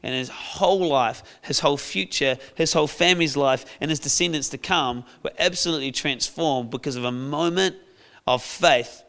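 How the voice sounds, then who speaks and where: A male preacher tells a Bible story in a playful, storytelling manner. His voice sits fairly high for a man. The tone is smooth and clear. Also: normal speed. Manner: storytelling, playful, acts out characters with shouts. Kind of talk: sermon.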